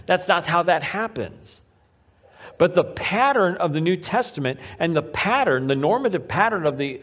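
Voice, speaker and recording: A man preaching a sermon as pastor, repeating key phrases for emphasis and slowing down on the main points. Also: fairly high pitch. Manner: varies pace, slowing on key lines.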